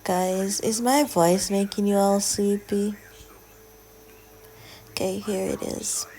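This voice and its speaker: A young woman chatting casually in a soft, often half-whispered drawl as she narrates a hair-braiding tutorial. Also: medium pitch, steady tone, slow pace. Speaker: hair vlogger.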